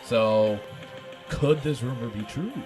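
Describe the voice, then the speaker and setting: A man hosting a casual podcast, excitable and laughing often, repeating himself as he talks. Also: mid-range voice, slow, soft background music, rough recording. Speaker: podcast host.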